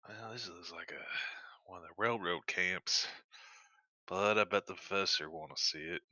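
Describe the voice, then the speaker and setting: A man's voice: low-pitched, a little slow, gravelly, bright, forceful tone, no room sound, highs cut off. A man with a rural Missouri accent playing a tabletop game, talking in an easygoing way and laughing at himself. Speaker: player. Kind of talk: casual tabletop chat.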